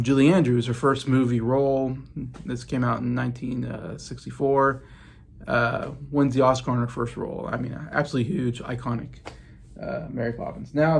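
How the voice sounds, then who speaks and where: A man's voice: medium pitch, creaky. A man in his late thirties hosting a casual video vlog from his basement, chatty and meandering as he shows off his movie collection. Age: late 30s. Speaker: YouTube host. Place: home basement.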